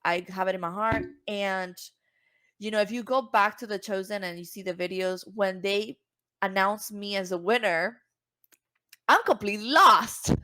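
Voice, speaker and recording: A woman from Cuba, a singer and podcast guest, telling a story casually and acting out the voices she quotes with big jumps in pitch. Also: moderate pace, bright, forceful tone, no room sound, clean studio sound.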